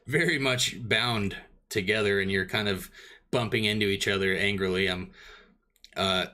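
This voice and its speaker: Forceful low-voiced male game master. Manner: relaxed, halting narration with many fillers. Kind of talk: narrating a tabletop game.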